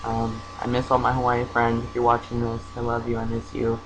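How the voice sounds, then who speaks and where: Young man telling a halting story. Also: medium pitch, monotone, a little hiss or hum, low-quality recording. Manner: hesitant, many fillers and restarts. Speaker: vlogger. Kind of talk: casual personal story.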